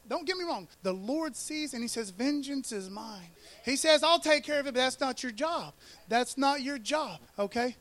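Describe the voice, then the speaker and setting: High-voiced man preaching a casual sermon. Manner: animated, joking asides, slangy.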